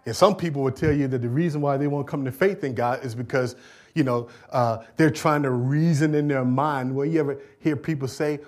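A middle-aged male pastor preaching a sermon in a church, swinging from quiet asides to loud, emphatic declarations. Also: medium pitch, fairly quick.

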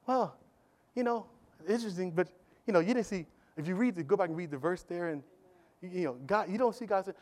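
A male pastor preaching with a strikingly high voice, driving points home with repetition. He keeps calling out to the congregation for answers and amens, swinging between hushed asides and emphatic bursts. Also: brisk. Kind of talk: sermon.

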